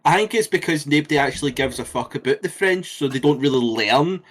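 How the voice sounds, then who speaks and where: A man co-hosting a podcast in casual chat, trading dry, deadpan quips. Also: fairly high pitch, fast talker. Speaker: podcast co-host.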